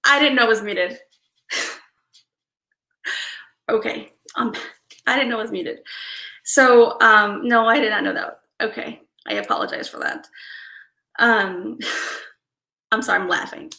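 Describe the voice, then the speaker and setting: Woman host, bright, slightly high voice, chatty and quick to laugh, echoey room. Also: lively intonation, gravelly. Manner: chatty, apologetic, laughs easily. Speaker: livestream host doing card readings. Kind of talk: casual live-stream chat.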